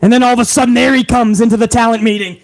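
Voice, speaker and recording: A man's voice: very high voice, steady tone, very fast. A man hosting a wrestling vlog, ranting in heated, profane commentary.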